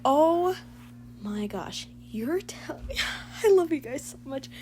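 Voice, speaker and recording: Young woman, gushing, emotional, rambling, slow talk, slightly high voice, faint hum. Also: expressive, darkish tone. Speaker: fan voice-over creator. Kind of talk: casual chat to viewers.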